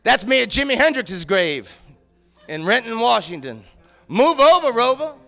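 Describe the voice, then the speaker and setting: A male comedian spinning loose, rambling stories from a stage, forever tacking "man" onto the end of a line. His voice sits high for a man and has a gravelly edge. The tone is bright and sharp. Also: sing-song, normal speed, soft background music. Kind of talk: stand-up storytelling. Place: theater stage.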